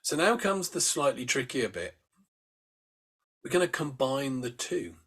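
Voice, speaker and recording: Gentle man guiding a breathing practice. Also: medium pitch, sing-song, slightly rough. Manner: gentle, unhurried, with demonstrated sighs and yawns. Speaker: meditation teacher. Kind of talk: guided breathing instruction.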